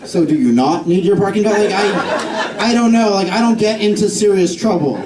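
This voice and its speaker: A man's voice: sits high, normal speed, background noise. A man performing a stand-up comedy set, self-deprecating and rambling with lots of fillers. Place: comedy club stage. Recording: roomy club audio from far off, loud crowd. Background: audience laughter.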